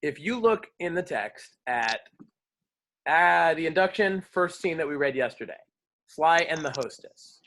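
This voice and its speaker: A man teaching a class on verse, lively, explaining and quizzing his students. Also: on the high side, unhurried. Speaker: drama teacher. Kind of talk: classroom lecture.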